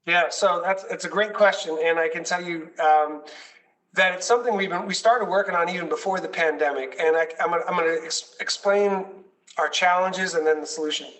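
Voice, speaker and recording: A man's voice: high-pitched, brisk, a bit bright, distant mic, rough recording. A man leading a nonprofit, telling stories with enthusiasm and many fillers in a conversational chat. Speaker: nonprofit leader.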